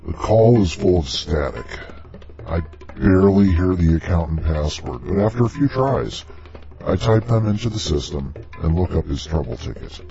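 A man's voice: extremely low pitch, normal speed. A man narrating a first-person story in a dry, sardonic way. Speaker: story contributor. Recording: dull lo-fi recording with clear music.

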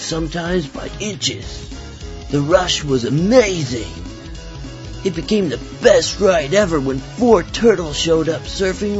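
A man's voice: on the high side, dull audio. A man reading his own short story aloud in a laid-back surfer voice. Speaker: story contributor.

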